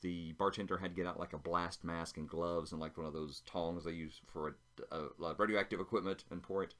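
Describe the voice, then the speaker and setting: A man's voice: low voice, fairly even intonation, brisk, a bit bright. A man narrating a solo tabletop role-playing game, chatting casually and thinking aloud as he rolls dice.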